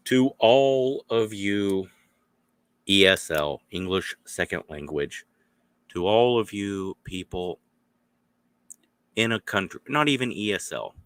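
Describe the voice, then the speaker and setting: A man rambles through a solo podcast, drifting between thoughts and acting out small exchanges. His voice sits very low and his delivery is unhurried. The recording is dry, with no room sound. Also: fairly bright tone, no room sound. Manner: meandering, acts out little dialogues. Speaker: podcast host.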